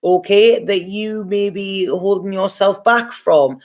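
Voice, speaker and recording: A woman's voice: medium pitch, slow pace, a little mellow. A woman with a Geordie accent from Gateshead, giving a casual, chatty tarot reading and reassuring listeners with frequent okays. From Gateshead, North East England. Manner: chatty, reassuring, says okay often. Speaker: tarot reader.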